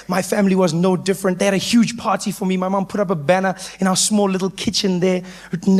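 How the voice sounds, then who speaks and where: A man, telling a stand-up story in an animated way. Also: high-pitched, fast, hardly any pauses, a little hiss or hum. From South Africa. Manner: animated, slipping into voices of the people in his story. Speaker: stand-up comedian.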